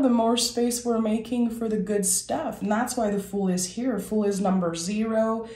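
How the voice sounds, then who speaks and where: A woman giving a monthly tarot reading, talking gently and reassuringly straight to her viewers and slowing down on key phrases. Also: mid-range voice, reverberant. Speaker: tarot reader.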